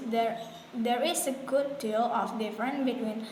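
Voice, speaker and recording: Woman, Indonesian first language, classroom presentation; slightly high voice, reads from notes with fillers and restarts; echoey room, faint noise. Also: steady tone, measured pace.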